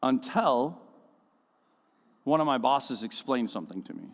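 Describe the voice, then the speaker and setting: A man preaching a sermon as a pastor, conversational and full of animated storytelling, in a church auditorium. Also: medium pitch, measured pace. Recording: echoey church hall.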